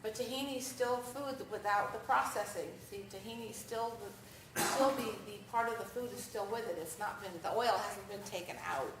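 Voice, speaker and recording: A woman giving a lively live talk and answering audience questions, speaking conversationally to the crowd. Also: fairly high pitch, brisk, few pauses. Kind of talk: live presentation with Q&A. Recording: echoey room, mic far off, faint noise.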